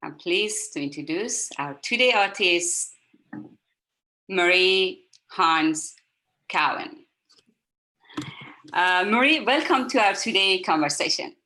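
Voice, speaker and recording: Woman hosting on a video call, bright voice, kinda hesitant and formal. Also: fairly low pitch, expressive, takes it slowly, long pauses, rough recording. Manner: polite, hesitant, formal phrasing. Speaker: host. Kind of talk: hosting an interview.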